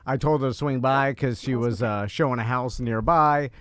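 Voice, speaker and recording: A man's voice: medium pitch, moderate pace, clear, resonant tone, no room sound. A man co-hosting a podcast, rambling and laughing with many restarts in casual chat. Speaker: podcast co-host.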